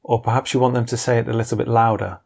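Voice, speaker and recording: Guy teaching phrases, gravelly raspy voice, repeats stuff slow. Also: medium pitch, little pitch movement, a little mellow. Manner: repeats phrases slowly for learners. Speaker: language teacher. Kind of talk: scripted lesson.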